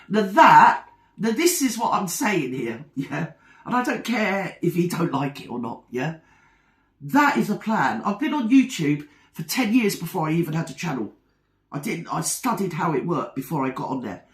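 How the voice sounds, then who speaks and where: A woman's voice: fairly low pitch, roomy sound. A woman comedy vlogger in a casual ranting monologue, blunt, defiant and indignant.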